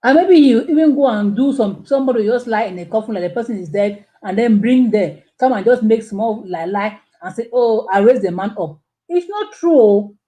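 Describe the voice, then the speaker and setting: Woman host, live-stream commentary, animated, rhetorical, mellow but high-pitched voice. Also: moderate pace, hardly any pauses, poor audio. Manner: animated, rhetorical questions, exclaims. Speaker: channel host.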